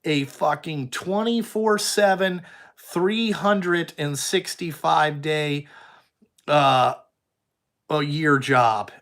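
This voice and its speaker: A man's voice: fairly high pitch, very slow, fairly bright tone. A young man who owns a trucking company, chatting casually with viewers and answering them bluntly with heavy swearing.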